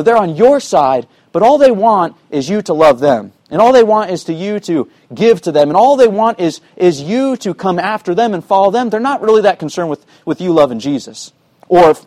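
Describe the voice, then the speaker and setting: A man's voice: sits high, a little mellow, no echo. A man preaching a sermon as pastor of his church, earnest and conversational, with many "you know" asides.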